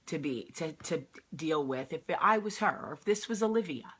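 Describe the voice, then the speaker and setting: A woman's voice: low voice, animated, moderate pace, fairly bright tone, husky. A woman who is unwell, telling a personal story to camera in a casual, earnest, heartfelt way. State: sick. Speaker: vlog host.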